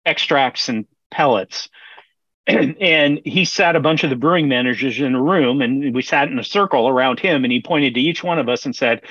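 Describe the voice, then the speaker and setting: A man's voice: medium pitch, moderate pace, fairly bright tone, no room sound, highs cut off. A middle-aged man, a brewer, telling long stories in a casual interview, rambling with many fillers, restarts and laughs. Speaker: brewer, podcast guest.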